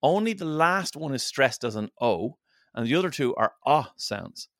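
A man in casual podcast conversation, his voice sitting at an ordinary middle pitch. He tells rambling, chatty stories with playful asides. The sound is dry and close, with no room around it. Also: big pitch swings, normal speed, fairly bright tone, no echo.

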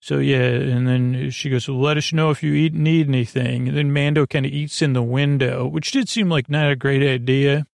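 Guy rambling through a tv recap, gravelly voice, lots of uhs, dry deadpan delivery, no room echo. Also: mid-range voice. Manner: rambling, halting, full of fillers and restarts; dry, offhand retelling of scenes with quoted lines. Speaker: podcast host. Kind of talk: comedic episode recap.

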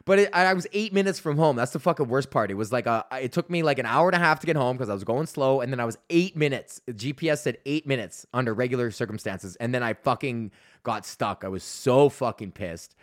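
A man's voice: medium pitch, fairly quick. A man in his thirties from Canada, hosting a podcast and telling a rambling, profane story in casual chat. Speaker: podcast host and comedian.

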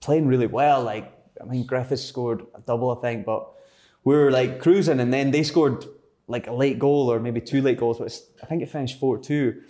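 A man, once a professional footballer, talks loosely about his playing days. He rambles and leans on filler words as he goes. His voice sits at an ordinary, middling pitch. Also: steady tone, moderate pace, mellow. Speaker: former footballer guest. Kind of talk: casual podcast conversation.

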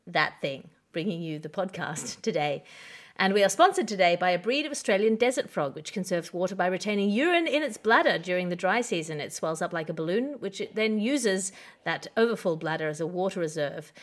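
A woman's voice: on the low side, expressive, fairly quick. A woman hosting a comedy podcast, presenting the news and mock ad reads in a dry, wry way. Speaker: podcast host.

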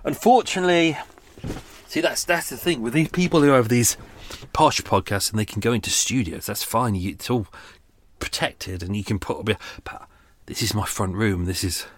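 A man's voice: on the low side, normal speed, dry recording. A man hosting a podcast from his canal boat's front room, talking in an exasperated, muttering way. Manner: exasperated, swearing, muttering under his breath. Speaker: podcast host. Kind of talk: casual monologue. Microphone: home recording setup.

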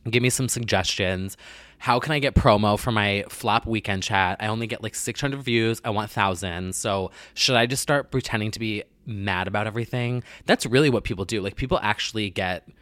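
A man's voice: lowish voice, a little fast, fairly bright tone, no echo. A man ranting in a casual vlog about pop culture, sassy and exasperated, often swearing.

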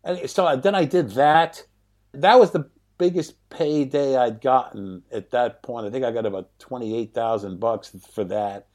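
A man in his sixties, a guest in an interview, telling anecdotes from home in a lively way, often laughing and swearing. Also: medium pitch, moderate pace. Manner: animated, laughing, profane.

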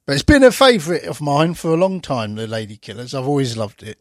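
Speaking fast at a medium pitch, this man hosts a podcast and rambles through a casual chat full of fillers and false starts. There's no room sound; the audio is clean and studio-grade.

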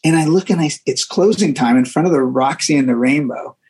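Gravelly, husky man telling road stories. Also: a little high, a little fast, poor audio. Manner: animated, repeats words, acts out voices in stories. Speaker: guest musician. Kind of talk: casual storytelling interview.

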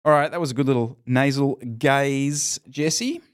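A man's voice: mid-range voice, steady tone, a little slow, clear, resonant tone. A man hosting a casual cycling podcast, thinking aloud in long, rambling sentences. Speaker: podcast host. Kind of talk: casual chat.

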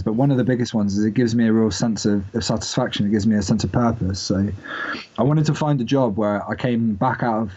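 A young Englishman in a relaxed podcast chat, rambling and restarting his sentences with a self-deprecating edge. His voice sits at an ordinary middle pitch. The recording sounds dull and lo-fi. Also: breathy edge. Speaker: podcast guest. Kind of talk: casual interview chat.

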